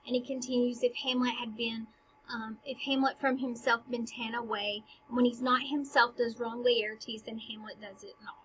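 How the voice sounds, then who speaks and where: Chatty woman, breathy and bright, lo-fi. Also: on the high side, little pitch movement, normal speed. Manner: chatty, paraphrases lines in modern slang; often drops to a whisper. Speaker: teacher. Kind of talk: casual retelling of a play. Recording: dull lo-fi recording.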